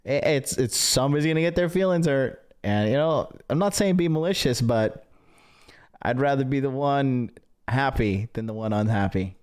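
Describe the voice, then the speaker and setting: A man's voice: mid-range voice, animated, moderate pace, darkish tone, clean tone. A man hosting a podcast who reacts with laughter and reads chat comments aloud in casual commentary. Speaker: podcast host.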